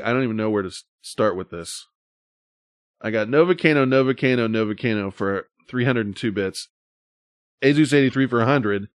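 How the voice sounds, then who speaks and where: A man's voice: mid-range voice, clear, resonant tone, no room sound, studio quality. A man in casual conversation, telling a long, exasperated story that wanders and swears freely. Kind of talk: casual chat.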